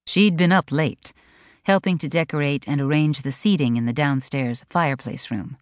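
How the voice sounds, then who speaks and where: A woman reading a mystery audiobook in an expressive storytelling manner, recorded in a studio. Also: low-pitched, normal speed, dry recording. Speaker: audiobook narrator. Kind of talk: scripted audiobook narration.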